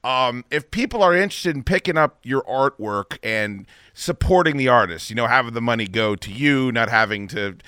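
A man's voice: medium pitch, expressive, normal speed, hardly any pauses, sharp tone, smooth, dry recording, studio quality. A man hosting a podcast, chatting casually with a guest, swearing and laughing easily. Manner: swearing, laughing, self-deprecating. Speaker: podcast host. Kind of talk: casual interview chat.

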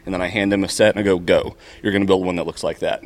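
A man's voice: sits low, fairly even intonation, rapid-fire. A man who runs a convention booth, telling a rambling story with fillers and restarts. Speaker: convention vendor. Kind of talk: casual storytelling. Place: convention hall.

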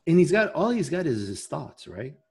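A man's voice: on the high side, big pitch swings, moderate pace, creaky, a little mellow, slightly rough. A man hosting a podcast in casual chat, rambling and emotional as he talks. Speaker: podcast host.

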